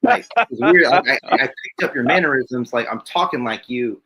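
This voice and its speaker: A man's voice: mid-range voice, normal speed, crowd noise. A man in his thirties, a guest talking casually and animatedly, full of filler words. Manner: chatty, animated, uses "like" a lot. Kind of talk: casual chat.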